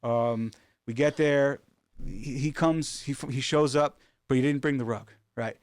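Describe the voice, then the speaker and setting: A man telling stories in a casual, animated way, with many fillers and restarts, recorded in a studio. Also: medium pitch, unhurried, clear, resonant tone, no echo. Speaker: rug artist guest. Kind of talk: casual storytelling.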